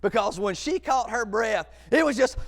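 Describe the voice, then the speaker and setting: A man telling a comic story, animated, acting out other people and shouting at the big moments. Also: sits high, moderate pace, creaky, in a large hall. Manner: animated, acts out voices and shouts.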